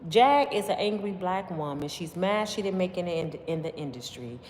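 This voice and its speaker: A woman delivers opinionated commentary in an emphatic, preachy way, with constant rhetorical questions to her viewers. Her pitch swings widely. The voice carries a long, roomy reverb over faint background noise. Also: animated, normal speed, darkish tone. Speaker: commentary vlogger.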